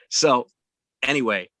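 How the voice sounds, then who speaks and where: A man with a bright, forceful voice chats through a movie recap on a podcast, rambling and restarting as he goes. The sound is close and dry, with no room tone. He acts out bits of dialogue while he retells the plot. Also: mid-range voice, no echo, low-quality recording. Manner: rambling retelling with acted-out quotes, frequent restarts. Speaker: podcast co-host. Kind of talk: casual movie recap chat.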